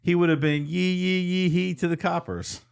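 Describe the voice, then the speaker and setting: A man's voice: high voice, steady tone, normal speed, vocal fry, slight background noise, pitched above the performer's own voice. A man voicing a foul-mouthed old male Outback brawler, rambling, boastful and swearing as he reads a transcript aloud.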